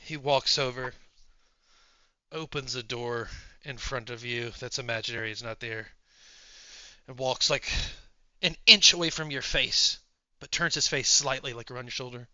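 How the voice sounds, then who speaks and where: Bright-voiced man running a tabletop game. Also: medium pitch, a little slow, long pauses, no room sound. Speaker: game master. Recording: dull lo-fi recording.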